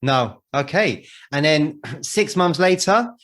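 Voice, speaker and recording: A man hosting an interview, asking leading questions and chiming in with quick affirmations. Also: fairly high pitch, animated, fairly bright tone. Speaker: interviewer host.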